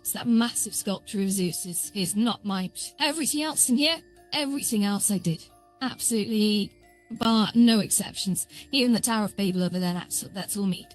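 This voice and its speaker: A woman chats casually on a live stream as she builds something, her voice sitting at an ordinary middle pitch. She rambles with frequent ums and pokes fun at herself, and faint music plays quietly behind her. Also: a little fast. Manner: rambling and self-deprecating, lots of filler words. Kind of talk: casual live-stream commentary while coding.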